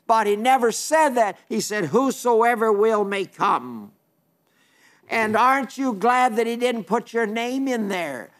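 An older man delivers a sermon in a high voice. He preaches earnestly and emphatically, drawing out the phrases he wants to land.

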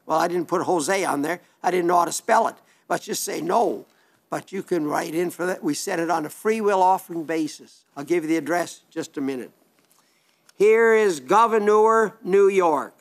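An older man from South Dakota preaches in a plain, homely way, often breaking off and restarting his sentences. His voice is gravelly and sits slightly high for a man. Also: brisk. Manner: plainspoken, folksy, rambling with restarts. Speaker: radio preacher. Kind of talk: homely broadcast sermon reading listener letters.

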